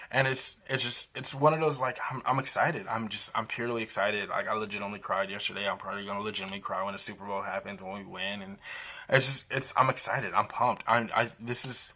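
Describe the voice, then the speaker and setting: A man's voice: lowish voice, steady tone, fast, pushed and bright. A man delivering an impassioned, rambling fan rant, emphatic and full of restarts. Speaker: sports fan vlogger.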